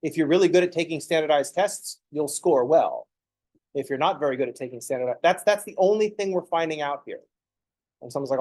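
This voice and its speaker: A man's voice: on the high side, a little fast, darkish tone, no echo. A man, a math professor, lecturing a class in a joking, conversational way. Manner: joking, conversational, acts out students' thinking noises.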